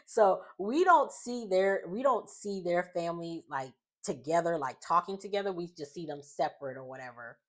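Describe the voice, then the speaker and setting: A woman's voice: lowish voice, lively intonation, moderate pace, few pauses. A woman casually recapping a reality show, rambling with lots of fillers and frequent laughs.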